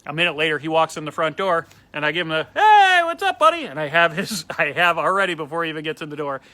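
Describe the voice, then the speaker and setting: A comedian telling a funny story in a casual, animated way, acting out the quoted lines. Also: male voice, on the high side, fast.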